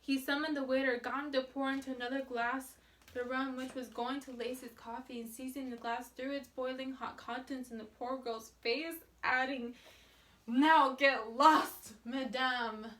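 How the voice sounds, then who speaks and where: A woman reading a novel aloud in a measured, plain storytelling manner. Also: high voice, little pitch movement, far from the mic. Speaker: reader.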